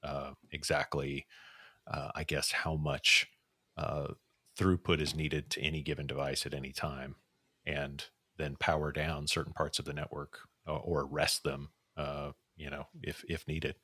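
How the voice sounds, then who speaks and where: A man hosting a casual news podcast, his voice rough from recent illness, rambling with many restarts. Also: very deep voice, little pitch movement, a little slow, sharp tone, no echo. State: voice deeper and rough after illness. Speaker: podcast host.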